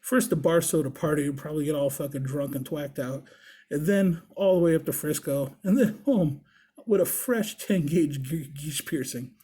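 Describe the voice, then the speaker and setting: A man hosting his own show, telling a story in a casual, profane, animated way and acting out the dialogue as he goes. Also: on the high side, normal speed, slightly rough. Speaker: body piercer and show host.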